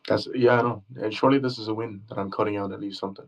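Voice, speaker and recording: A man talking to a stranger on a video chat, joking and talking quickly while trying to get away. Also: lowish voice, fairly even intonation. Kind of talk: casual video-chat banter. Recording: distant through a video call.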